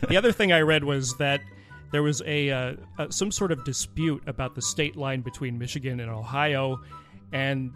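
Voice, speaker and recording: A man hosting a podcast in casual chat, steering the topic and joking in a relaxed way. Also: mid-range voice, moderate pace, faint music behind. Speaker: podcast host.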